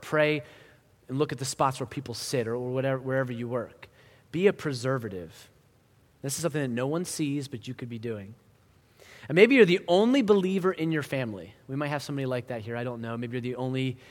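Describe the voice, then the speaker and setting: A male pastor delivers a sermon in an easy, conversational way. He punches key phrases and then falls to a hush. His mid-range voice rings out with a long reverb through a church hall. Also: mid-range voice. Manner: conversational preaching with rising emphasis and hushed drops.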